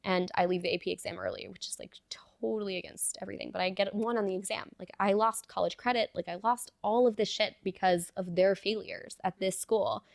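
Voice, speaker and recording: A woman's voice: medium pitch, steady tone, fairly quick, creaky, hardly any pauses, no room sound, clean studio sound. A young adult woman, a guest in an interview, earnestly telling a personal story and peppering it with "like". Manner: earnest, fillers of "like", reenacts dialogue.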